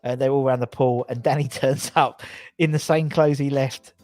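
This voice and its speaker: Man, football fan show host, rambling chatty delivery, medium-pitched voice, faint music underneath. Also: fairly even intonation, a little fast, a little mellow, no echo. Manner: chatty, rambling, reads out viewer comments. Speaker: podcast host. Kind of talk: casual fan chat show.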